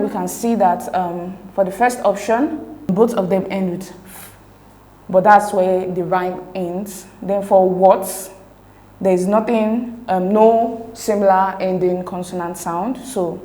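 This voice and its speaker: Woman tutor with a mellow voice. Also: mid-range voice, reverberant, poor audio. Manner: slow, careful, spelling out sounds and options. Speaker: exam tutor. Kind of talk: recorded exam lesson explaining answers.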